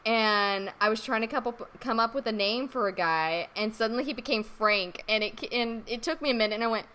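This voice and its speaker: A woman's voice: fairly high pitch, fairly quick, pushed and bright, poor audio. A woman co-hosting a casual fan podcast, chatty and laughing often. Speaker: podcast co-host.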